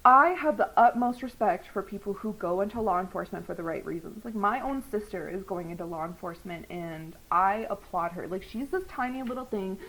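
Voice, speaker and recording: A young woman vlogging casually, telling a story in an animated, heated way, full of "like" fillers and swearing. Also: medium pitch, rough recording. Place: home, dog barking nearby.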